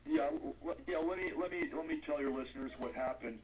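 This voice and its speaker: A man on a radio interview, calmly and deliberately telling a personal story. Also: fairly high pitch. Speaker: radio guest. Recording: muffled radio audio with faint hiss.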